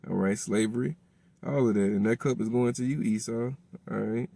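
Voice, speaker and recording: A man's voice: on the low side, normal speed, vocal fry, warm tone, slightly rough, dry recording. A man reading scripture aloud and explaining it, checking in with his listeners with "all right?" after nearly every phrase. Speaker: teacher of a religious group.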